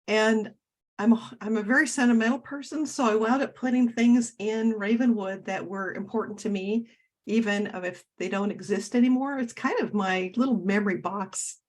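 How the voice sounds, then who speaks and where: A woman's voice: mid-range voice, normal speed. A woman from Oregon, a guest author talking casually in an interview over a video call, chatty and reminiscing with many fillers and restarts.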